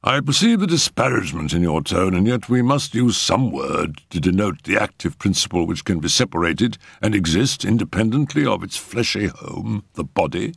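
A man voicing a calm, matter-of-fact older doctor who soothes a troubled patient, in a storybook reading. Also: fairly low pitch, creaky, breathy edge, no echo, clean studio sound, exaggerated voice. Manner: unhurried, wry, matter-of-fact. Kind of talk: audiobook character reading.

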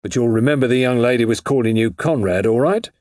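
A man's voice: medium pitch, lively intonation, brisk, a little mellow, dry recording, studio quality, voice pushed up, lightly acted. A man doing a sneering, sceptical detective.

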